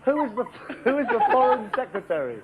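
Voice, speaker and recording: A flustered British quiz show host with a strikingly high voice, chummy and forever saying sorry. The sound is a dull, noisy old videotape. A loud studio audience fills the background. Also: male voice, very animated, quick pace, over a noisy crowd. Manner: chummy, calls contestants "my darling", apologetic. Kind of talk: sketch comedy parody.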